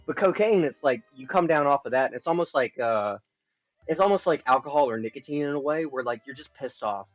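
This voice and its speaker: A man's voice: mid-range voice, expressive, a little fast, dry recording, faint music behind. Rambling, profane young man streaming. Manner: rambling, profane, swinging between quiet mumbling and loud bursts. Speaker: livestreamer. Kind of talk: casual confessional storytelling. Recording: dull lo-fi stream audio.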